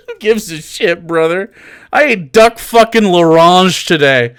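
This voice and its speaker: A male livestreamer with a high, bright voice that swings widely in pitch. He talks in a loose, mocking way, swears freely and laughs often. His tone is clean and crisp. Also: expressive, moderate pace. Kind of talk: casual livestream chat.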